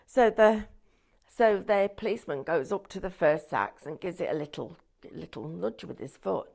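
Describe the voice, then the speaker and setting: A woman's voice: fairly low pitch, lively intonation, moderate pace, vocal fry, darkish tone. A woman demonstrating crafts on a live shopping show, chatting casually and breaking into giggles as she tells a joke. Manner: giggly, breaks up laughing while telling jokes.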